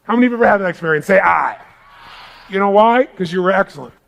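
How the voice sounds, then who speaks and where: A man's voice: high-pitched, expressive, fast, gravelly, a bit bright. A man giving an emphatic motivational talk to a live audience in a large room, calling for responses from the crowd. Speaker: motivational speaker.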